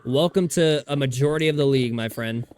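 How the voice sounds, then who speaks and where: A man's voice: mid-range voice, fast talker, darkish tone, a little hiss or hum. A man livestreaming a survival game, chatting casually in a rambling, profane way and laughing often. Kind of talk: casual gaming stream chat.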